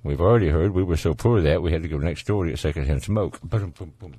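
A man's voice: very deep voice, fast talker, warm tone, breathy edge, dry recording. A man with a Southern US accent hosting a call-in radio show, folksy and easygoing, laughing often. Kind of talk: casual call-in radio chat.

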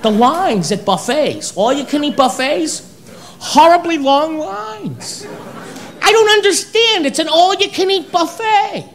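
High-voiced comedian shouting punchlines. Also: animated, measured pace. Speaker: stand-up comedian. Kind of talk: stand-up comedy routine. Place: comedy stage before an audience. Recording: live show with loud audience laughter.

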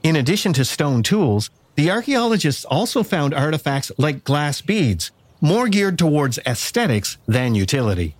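A man giving measured, scripted documentary narration. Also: on the high side, sing-song. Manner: measured, explanatory.

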